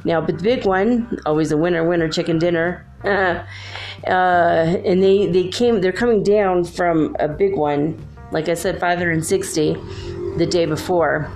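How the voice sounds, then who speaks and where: A woman's voice: on the low side, moderate pace, darkish tone, faint music behind. A woman vlogging casually from her room, chatty and rambling. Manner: rambling, chatty, uses "like" often. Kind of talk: casual spiritual vlog commentary. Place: her room at home, alone.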